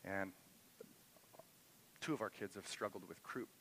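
Bright-voiced middle-aged male pastor preaching. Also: low voice, a little slow, a little hiss or hum, low-quality recording. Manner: personal storytelling, rising to impassioned emphasis. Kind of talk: sermon. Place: church sanctuary.

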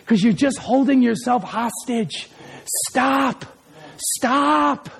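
A man's voice: very high voice, slow pace, gravelly, heavily acted. A male preacher voicing God as a close, tender fatherly figure, speaking to a listener in a church. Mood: pleading.

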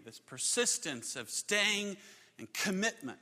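Bright, high-voiced male preacher in a reverberant hall. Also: a little slow. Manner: animated storytelling with laughs and acted-out quotes. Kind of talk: sermon.

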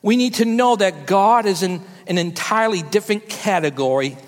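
A woman pastor delivering a sermon to her church, with slow, emphatic preaching and repetition for effect. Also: mid-range voice, in a large hall.

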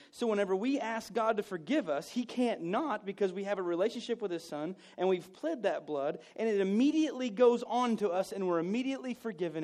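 A man preaches a conversational, self-mocking sermon in a voice that sits high, switching between loud, emphatic bursts and hushed asides.

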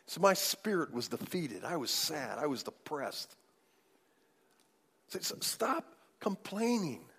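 A man preaching a sermon as pastor, emphatic, swinging widely in loudness and pace. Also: fairly high pitch, sing-song, takes it slowly, vocal fry, breathy edge. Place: church sanctuary. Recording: long hall reverb.

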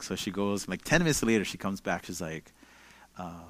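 Here a young pastor speaks briskly in a lowish voice, recorded dry. His sermon is casual and story-driven, relaxed and loaded with "like" and "you know."

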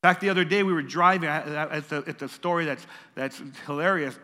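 A man's voice: fairly high pitch, quick pace, bright, forceful tone. An older man preaching a sermon as pastor, emphatic and repeating phrases for stress. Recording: long reverb of a large hall.

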